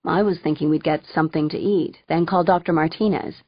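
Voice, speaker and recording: A woman voicing a calm teenage boy with dry humor, speaking low and slowly in an audiobook. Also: breathy edge, no room sound, dull audio.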